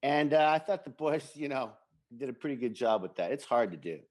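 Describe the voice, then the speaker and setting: A man's voice: mid-range voice, lively intonation, brisk. A man co-hosting a casual podcast chat, enthusiastic and acting out quoted lines of dialogue. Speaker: podcast co-host.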